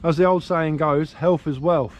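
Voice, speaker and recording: A man's voice: fairly high pitch, fairly even intonation, normal speed, dull audio. An English man vlogging while walking in woodland, rambling easily about nature, with a slight slur from a missing tooth. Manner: chatty, rambling, easygoing. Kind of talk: casual outdoor vlog. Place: woodland outdoors. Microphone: handheld camera. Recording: faint outdoor noise, birdsong.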